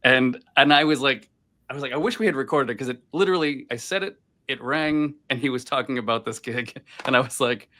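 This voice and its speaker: Speaking briskly in a bright, forceful, mid-range voice, a man from Boston guests on a casual video-call interview as a voice actor. His anecdotes ramble and are peppered with "like."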